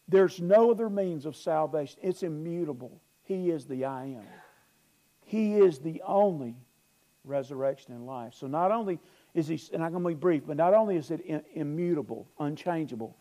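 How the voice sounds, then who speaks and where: Man, pastor, sermon, warm mellow tone, slightly high voice, loud-soft swings, repeats himself. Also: expressive, a little slow. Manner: earnest preaching, swells loud then drops low; repeats words and restarts phrases.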